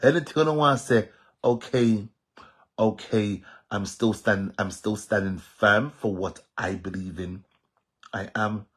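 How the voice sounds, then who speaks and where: Husky Jamaican man, defiant monologue. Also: lowish voice, level tone, takes it slowly. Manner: emphatic, repetitive, defiant. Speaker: social media commentator. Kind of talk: casual monologue to viewers.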